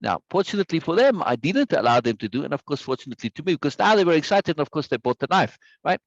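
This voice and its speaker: A man's voice: on the high side, big pitch swings, very fast, dry recording. A middle-aged man teaching an online course, telling stories emphatically and often checking in with "right?". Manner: emphatic, storytelling, frequent "right?". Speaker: course instructor. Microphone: video call mic. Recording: dull lo-fi meeting audio.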